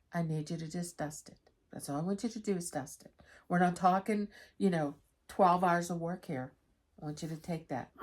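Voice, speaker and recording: Chatty, candid woman with a lowish voice. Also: darkish tone. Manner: chatty, candid, tells stories. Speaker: vlogger. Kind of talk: casual chat to camera.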